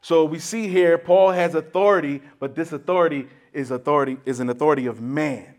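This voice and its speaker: High-voiced man preaching emphatically. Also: a little fast, darkish tone. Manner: emphatic teaching with frequent restarts and rhetorical "right?". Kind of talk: sermon.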